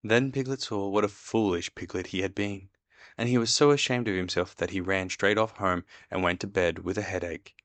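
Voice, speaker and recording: Dad narrator for a bedtime storybook: low voice, expressive and measured, dry close sound. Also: male voice, no room sound. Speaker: father reading to his child. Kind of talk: reading a storybook aloud.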